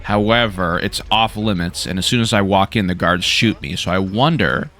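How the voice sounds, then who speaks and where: A man casually commenting while he plays a game, excitable and quick to swear and react. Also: deep voice. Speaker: gaming YouTuber. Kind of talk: casual let's-play commentary.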